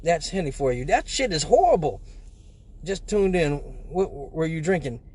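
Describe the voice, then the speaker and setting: High-voiced, profane male storyteller. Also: moderate pace, husky. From Michigan. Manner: profane, animated, slangy storyteller. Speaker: live show host. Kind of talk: casual storytelling on a live stream.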